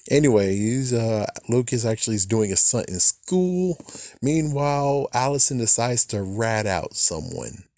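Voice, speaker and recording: Speaking slowly, animated and a bit mellow, a fan reviewer tears into a TV episode with profanity and loud mockery, parroting the characters in a higher voice. It's studio-quality sound without echo.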